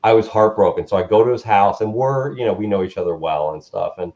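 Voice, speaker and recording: A man telling a story as an interview guest, animated and acting out what people said, with laughs. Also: fairly low pitch, quick pace. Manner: animated, acts out quotes with laughs. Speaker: guest musician. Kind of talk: casual storytelling. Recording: dull lo-fi sound.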